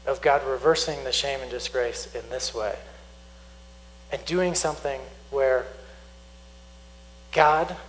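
A man preaching a sermon, teaching earnestly, slowing down to stress key points and reading scripture aloud. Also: mid-range voice, a bit bright, slight background noise, poor audio. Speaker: pastor.

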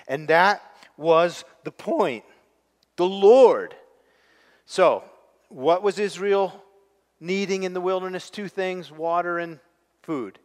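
A man preaches a sermon in a slow, unhurried cadence, pausing to put questions to his congregation. His voice sits a little higher than most men's. It rings out with the long reverb of a large hall. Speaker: pastor. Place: church sanctuary.

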